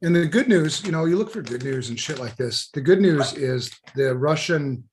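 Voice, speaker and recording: A man's voice: on the high side, expressive, moderate pace, a little mellow, a little hiss or hum. Blunt, profane man in casual chat. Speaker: podcast co-host.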